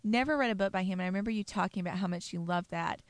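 A woman's voice: mid-range voice, racing, no room sound. A middle-aged woman, a pastor's wife, chatting casually about ministry books and laughing easily as she tells stories. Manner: warm storytelling, laughs easily. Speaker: pastor's wife, podcast co-host.

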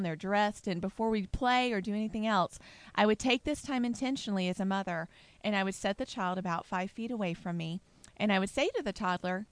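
Woman, earnest co-host, mid-pitched, dry close mic. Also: smooth, dry recording. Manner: earnest, laughs often, acts out quotes. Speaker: co-host, mother. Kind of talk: casual chat.

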